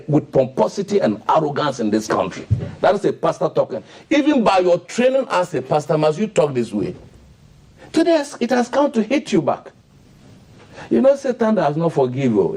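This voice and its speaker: This Ghanaian-accented radio panelist speaks in a mid-range voice with a dark tone and a breathy edge. In the studio he gives impassioned, indignant talk-show commentary, peppered with rhetorical questions.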